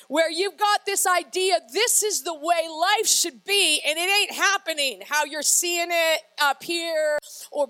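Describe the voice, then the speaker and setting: A woman pastor preaches with a very high, forceful voice. She is energetic and keeps turning to the congregation with questions. She reads scripture aloud with drama. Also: rough recording. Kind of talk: sermon.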